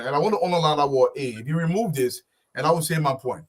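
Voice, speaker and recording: A man's voice: on the high side, fast. A man arguing insistently as a panelist on a political talk show. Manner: forceful, insistent, lecturing.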